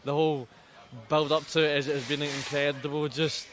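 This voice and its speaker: Young Scottish racing driver, flat delivery, stumbles over words, noisy outdoor track. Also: male voice, a little high, moderate pace. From Scotland. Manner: flat, repeats words, many restarts. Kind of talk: post-race interview. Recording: outdoor interview with clear background noise.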